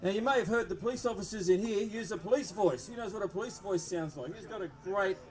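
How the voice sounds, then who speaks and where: Australian man, police presenter, jokey crowd talk, slightly high voice, outdoors, loudspeaker mic. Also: fast talker. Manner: jokey, upbeat, chatting with the kids in the crowd. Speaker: police presenter at a public open day. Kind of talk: public address to a live crowd. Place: outdoor public event. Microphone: microphone through loudspeakers.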